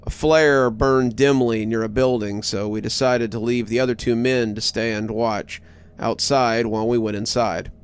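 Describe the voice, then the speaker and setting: A man reading a horror story aloud in a low, hushed scripted narration. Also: steady tone, moderate pace, clear, resonant tone.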